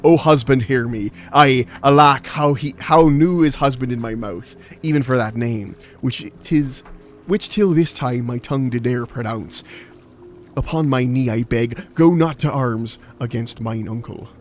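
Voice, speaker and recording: A loud, theatrical Shakespearean voice in a thick old pirate brogue, rolling through archaic verse with stagey weight, as a man puts it on. The pitch sits in a middling range and the delivery is broad and declamatory. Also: measured pace, soft background music, close to an everyday voice. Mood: declaiming. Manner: loud, theatrical recitation with rolled archaic phrasing. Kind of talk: dramatic verse reading.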